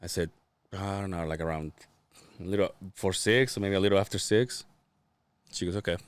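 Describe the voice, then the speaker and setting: A podcast co-host tells stories in casual conversation, swearing freely and animatedly, and he puts on a high voice when acting out quotes. He speaks fairly quickly with a clean, echo-free tone.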